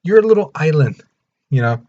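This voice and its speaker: A man's voice: fairly high pitch, sing-song, fairly quick, dark tone, lo-fi sound. A man doing a cocky, taunting Germany. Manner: taunting, boastful. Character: Germany as a cocky, boastful bully, male.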